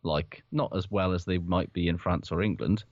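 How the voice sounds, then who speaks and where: A man's voice: sits low, moderate pace, a little mellow, no echo, muffled recording. A man co-hosting a podcast, chatting casually about sport, rambling, swearing and laughing often. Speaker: podcast co-host.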